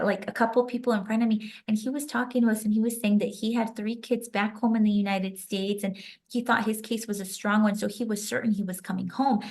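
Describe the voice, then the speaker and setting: A young adult woman, a guest author, telling a personal story in an interview with emotion and many casual "like" fillers. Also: medium pitch. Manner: emotional, animated retelling with frequent "like" fillers.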